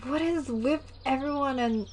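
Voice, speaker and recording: Giggly young aussie woman chatting on a game stream, animated, tells little stories. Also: sits high, a little slow, slight background noise. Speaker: gaming livestreamer. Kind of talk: casual chat while gaming.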